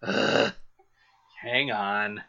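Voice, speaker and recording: A man's voice: lowish voice, fairly even intonation, very slow, vocal fry, pushed and bright, highs cut off. A man co-hosting a podcast, bantering dryly and reading book passages aloud. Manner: sardonic, mock-grumpy. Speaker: podcast co-host.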